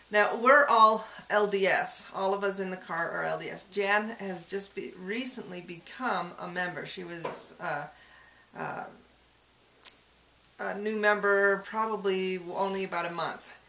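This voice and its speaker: A woman in casual conversation recounts a story for a folklore interview. She keeps breaking into small chuckles as she tells it. Her voice sits in a middle pitch and carries a noticeable room echo. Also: unhurried, sharp tone. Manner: chuckles often while telling. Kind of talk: casual personal anecdote. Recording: echoey room.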